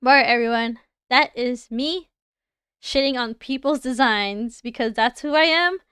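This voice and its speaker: A woman's voice: high voice, unhurried, a bit bright, smooth, no room sound, studio quality. A young woman with a Canadian accent, chatting casually and giggling as she reacts to viewers on a livestream. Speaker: livestreamer reviewing design work.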